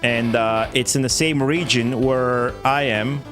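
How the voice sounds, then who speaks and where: A man, rambling and swearing through live gameplay stream chatter, laughing often and jumping into high exclamations. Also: steady tone, unhurried. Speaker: game streamer. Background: game music.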